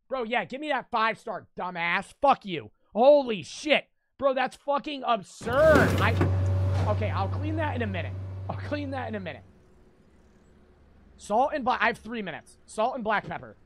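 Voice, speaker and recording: A young man streaming a cooking game, talking to his chat in a frantic, profane, yelling way. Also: sits high, noisy background. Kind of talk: gaming livestream commentary.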